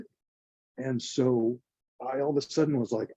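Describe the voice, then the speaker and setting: A man's voice: medium pitch, measured pace, dark tone, husky, no echo, lo-fi sound. A man in his forties, a nonprofit co-founder, telling his story in an earnest, emotional, chatty way. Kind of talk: reflective conversational storytelling.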